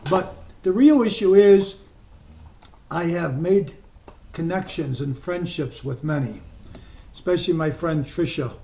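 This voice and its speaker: Older male hypnotist, slightly high voice, storyteller who shifts to slow gentle suggestions. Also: gravelly, a little hiss or hum. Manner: storytelling, slows to soft deliberate suggestions. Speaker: hypnotist speaker. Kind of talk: talk to an online group, with guided suggestion.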